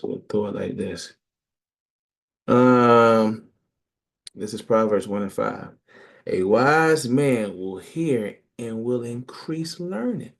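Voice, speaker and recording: A man's voice: on the low side, gravelly, a little mellow. A man preaching and teaching scripture in an emphatic call-and-response style.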